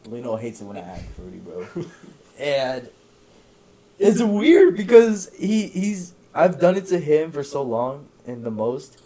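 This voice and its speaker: A young man telling stories in casual podcast chat, animated and quick to laugh, acting out his friends' voices as he goes. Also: medium pitch. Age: young adult. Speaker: podcast guest.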